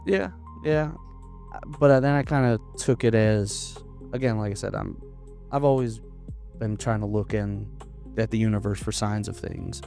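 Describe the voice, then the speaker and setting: A young man from Florida, a comedian guest in a casual interview, talking in a hesitant, halting way with many restarts. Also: fairly low pitch, creaky, darkish tone, soft background music. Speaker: podcast guest, stand-up comedian.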